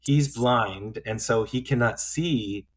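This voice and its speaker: A man co-hosting a podcast, talking through a film in a thoughtful, halting way, often restarting his sentences. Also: medium pitch. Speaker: podcast co-host. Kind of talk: casual film discussion.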